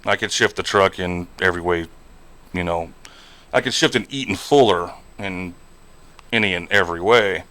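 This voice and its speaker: A man's voice: low voice, normal speed, a bit bright. A man streaming a trucking game and chatting casually, rambling along with lots of fillers and "you know". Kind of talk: casual live-stream chat while gaming.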